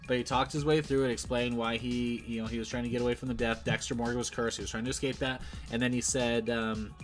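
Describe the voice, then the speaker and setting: A man talks through a TV episode in a loose, rambling review, restarting sentences and trailing off before circling back with enthusiasm. His voice sits at an ordinary middle pitch. Soft music plays faintly under his talk. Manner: rambling, self-correcting, enthusiastic. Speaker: show reviewer. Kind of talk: casual spoken TV review. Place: at home, streaming.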